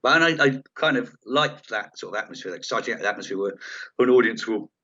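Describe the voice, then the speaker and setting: A comedian telling stage anecdotes in a chat interview, rambling and lively, acting out the voices of people in the story. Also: male voice, mid-range voice, brisk. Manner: rambling, animated, acts out quoted voices. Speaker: comedian guest. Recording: dull lo-fi audio.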